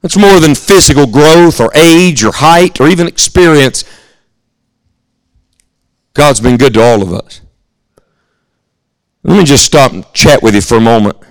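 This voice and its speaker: A man's voice: mid-range voice, sing-song, normal speed, long pauses, no room sound, rough recording. A man with an American accent preaching a sermon at a youth camp, earnest and speaking straight to his listeners. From United States. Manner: earnest, storytelling, addresses listeners directly.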